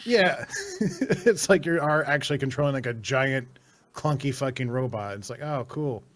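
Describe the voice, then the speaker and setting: A man's voice: medium pitch, animated, moderate pace, fairly bright tone, slight background noise. A young man chatting casually on a podcast, rambling with many fillers, swearing and laughing often. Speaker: podcast co-host.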